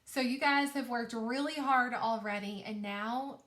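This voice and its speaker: A young woman teaching a reading lesson to young children, slowly stretching out letter sounds and praising them often. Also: on the high side, fairly bright tone. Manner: encouraging, repeats words for children. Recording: echoey room.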